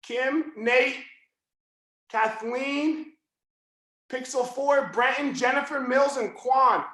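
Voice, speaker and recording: A man teaching a live online jiu-jitsu class, yelling his coaching cues as he walks students through each move. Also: very high-pitched, slow pace, heavy reverb.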